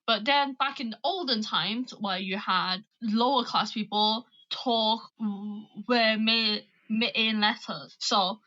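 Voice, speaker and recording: A woman's voice: on the high side, a little slow, few pauses, pushed and bright. A woman with a British accent hosting a casual livestream chat with callers, bubbly and gushing. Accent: British English. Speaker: livestream host. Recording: lo-fi livestream audio.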